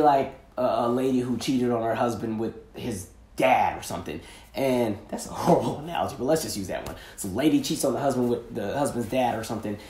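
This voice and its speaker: A man hosting a podcast, telling casual stories in a slangy, animated way and laughing often. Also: medium pitch, reverberant. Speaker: podcast host. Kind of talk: casual storytelling monologue.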